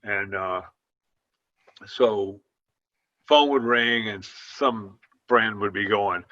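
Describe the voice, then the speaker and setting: A man's voice: lowish voice, bright, forceful tone. An older man, a former football player, telling long folksy anecdotes in casual chat over a video call. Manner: folksy, drawn-out anecdotes with quoted dialogue. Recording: dull lo-fi sound.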